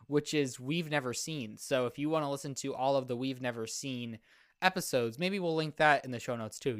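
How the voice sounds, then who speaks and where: A man's voice: mid-range voice, fairly bright tone, clear, resonant tone, no echo, studio quality. Joking young man hosting a podcast. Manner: joking, self-deprecating, rambling with restarts. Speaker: podcast host. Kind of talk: casual chat.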